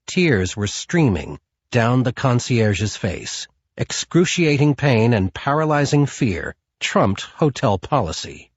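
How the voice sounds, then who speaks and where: A man narrating an audiobook in a measured, scripted read. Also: medium pitch, very animated, breathy edge, dry recording, lo-fi sound.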